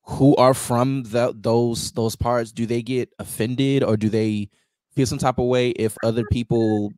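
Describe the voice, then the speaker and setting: Male podcast host, relaxed and curious, close dry mic. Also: mid-range voice, a little slow, no room sound. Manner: curious, laid-back interviewer with frequent affirmations. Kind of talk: casual conversation.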